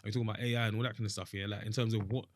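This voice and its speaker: A man's voice: on the low side, little pitch movement, racing, dry recording, clean studio sound. A young man co-hosting a casual podcast chat, talking in long runs and keeps checking that he is understood. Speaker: podcast co-host.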